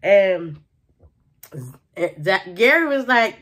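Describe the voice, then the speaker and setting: A woman's voice: medium pitch, expressive, drawn-out words, a bit bright. A woman talks through a TV episode recap like she's catching up a friend, chatty and gossipy. Her voice sits in an ordinary middle range, and she keeps dropping in "like" and little laughs as she retells the drama. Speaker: show recap vlogger. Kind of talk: casual show recap.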